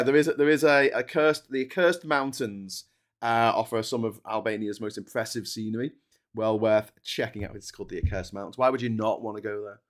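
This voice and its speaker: A man's voice: medium pitch, fairly bright tone. Rambling man on a livestream. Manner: digressive, jokey, lots of restarts and trailing asides. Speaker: livestream host. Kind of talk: rambling solo livestream chat.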